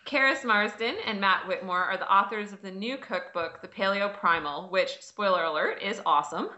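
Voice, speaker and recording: A woman's voice: medium pitch, normal speed, bright, forceful tone, echoey room, dull audio. A woman with a Canadian accent hosting a podcast, upbeat and chatty as she introduces guests. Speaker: podcast host. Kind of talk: scripted introduction and interview.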